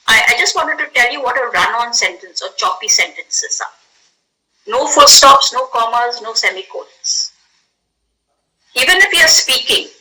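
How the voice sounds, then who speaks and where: A woman's voice: fairly high pitch, sharp tone, low-quality recording. A woman teaching an English grammar lesson in a classroom, explaining patiently, acting out example exclamations and checking in with "okay?".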